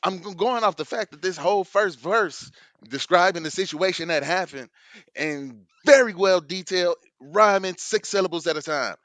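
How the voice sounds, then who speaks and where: Male podcast co-host, slightly high voice, insistent and profane, dry close sound. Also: normal speed, a bit bright, dry recording. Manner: insistent, restarts mid-thought, profane. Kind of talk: casual debate about rap lyrics.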